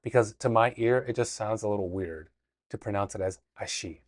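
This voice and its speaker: A man hosting a casual language lesson video, talking in a relaxed way with fillers and restarts. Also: on the low side, fairly quick, dry recording. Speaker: language teacher.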